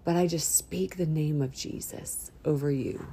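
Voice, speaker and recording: Low-voiced woman praying heartfelt and informal. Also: mellow, husky. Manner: heartfelt, informal, with sudden rises and slow drawn-out words. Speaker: podcast host. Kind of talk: spoken prayer and encouragement. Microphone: audio only, no camera.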